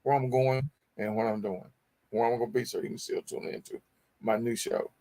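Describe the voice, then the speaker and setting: A middle-aged man with a gravelly, fry-edged voice hosts a motivational talk show. He preaches at his listeners, repeats his key phrases and keeps calling them y'all. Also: medium pitch, steady tone, brisk, warm tone. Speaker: show host.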